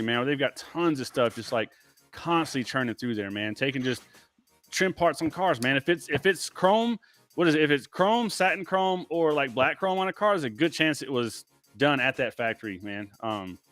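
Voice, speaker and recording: A man's voice: medium pitch, animated, normal speed, fairly bright tone, dry recording, faint music behind. A man talking as a guest on a casual livestream, laid-back and rambling, filling his talk with "like" and "man.". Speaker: guest, window tinter.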